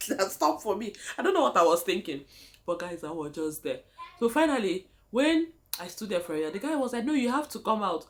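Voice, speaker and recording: A woman's voice: mid-range voice, sing-song, a little fast. A young Nigerian woman with a Nigerian accent, telling a casual story to her viewers, laughing often and calling them guys. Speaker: vlogger.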